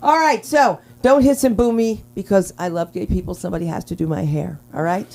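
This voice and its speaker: Brash low-voiced woman hosting stand-up. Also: brisk, gravelly. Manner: brash, rambling, swings into loud character voices. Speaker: open mic host. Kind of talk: stand-up comedy. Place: small comedy club stage.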